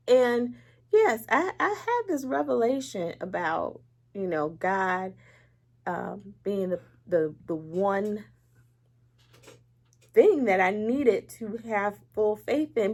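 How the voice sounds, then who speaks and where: A woman at an ordinary middle pitch tells her own story of faith in a one-on-one conversation. She talks candidly and with feeling, acting out the voices of people she quotes. Light laughs sit between serious words. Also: expressive, slow, darkish tone. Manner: candid and emotional, acts out quoted speech. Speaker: interview guest. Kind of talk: personal faith testimony in conversation.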